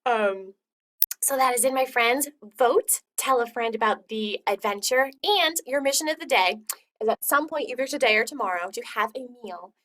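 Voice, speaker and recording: A woman's voice: a little high, normal speed, fairly bright tone. A woman hosting a choose-your-own-adventure story, reading it aloud and chatting with her listeners. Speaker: storyteller and host.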